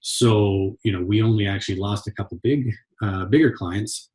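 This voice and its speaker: A man from Canada talks as an interview guest about running his agency. He speaks in a relaxed, halting way, often pausing and restarting, with a voice on the low side. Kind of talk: casual interview chat.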